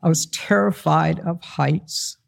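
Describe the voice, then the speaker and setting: A man telling a first-person story to a live audience, animated, acting out the voices of the people in it. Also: a little high, takes it slowly, gravelly. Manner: animated, acts out quoted voices.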